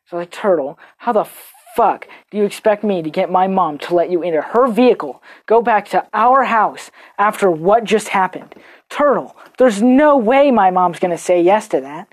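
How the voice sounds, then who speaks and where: On her podcast, a young woman with a mid-range voice tells a story from her own life. She's chatty and expressive, drops the occasional swear word, and voices each person she quotes differently.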